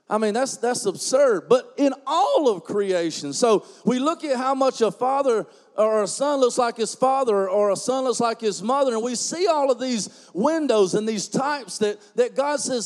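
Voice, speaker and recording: A man with a high, bright voice delivers a sermon with a folksy, joking manner. He drops low and quiet for confiding asides, then builds to loud, emphatic preaching. His voice carries a long reverb from the church hall. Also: lively intonation, moderate pace, few pauses. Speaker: pastor.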